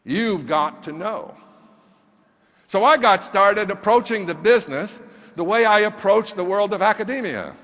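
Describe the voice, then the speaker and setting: A man giving an animated motivational speech from a stage, emphatic and firing questions at the audience. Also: high-pitched, a little slow. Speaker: motivational speaker. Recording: long hall reverb on stage.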